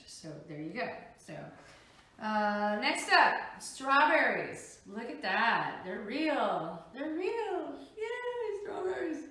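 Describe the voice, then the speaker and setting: A woman's voice: medium pitch, a bit bright, recorded from a distance, a little hiss or hum. Chatty Minnesotan woman in echoey kitchen. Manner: chatty and upbeat, with many fillers. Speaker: cooking show host. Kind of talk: casual cooking demo. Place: home kitchen. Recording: echoey room from off-mic.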